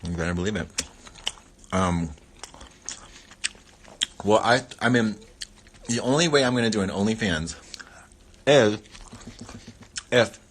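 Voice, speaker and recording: A man's voice: fairly low pitch, lively intonation, takes it slowly, long pauses, a little hiss or hum. A man hosting a casual livestream, chatting playfully while he eats and rambling between muttered catchphrases. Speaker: livestream host.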